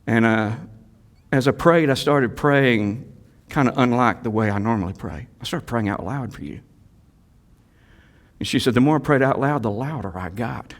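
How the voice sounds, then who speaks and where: Emphatic preaching man. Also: mid-range voice. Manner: emphatic, swings from quiet asides to loud exhortation; repeats key phrases for emphasis. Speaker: pastor. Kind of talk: sermon.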